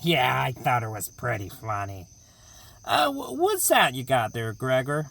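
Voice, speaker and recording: A man's voice: medium pitch, big pitch swings, a little slow, gravelly, a bit bright, slight background noise. A man co-hosting an improvised comedy audio play, talking in a stammering, flustered, pleading way.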